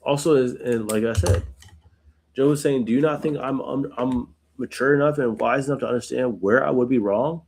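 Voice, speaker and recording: A man's voice: medium pitch, moderate pace, darkish tone, husky. A man hosting a Bible study who reads verses aloud and then explains them informally, often asking "right?". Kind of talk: reading scripture aloud with casual commentary.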